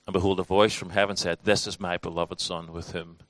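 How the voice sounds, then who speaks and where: A man's voice: low voice, little pitch movement, fairly quick, fairly bright tone, no echo. A man teaching a church class in a conversational, informal sermon style, with frequent restarts and acted-out quotes.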